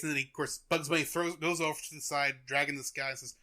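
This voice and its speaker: A young man hosting a podcast, retelling a cartoon in a chatty, animated way. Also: on the high side, fast talker. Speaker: podcast host. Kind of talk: casual chat, retelling a cartoon.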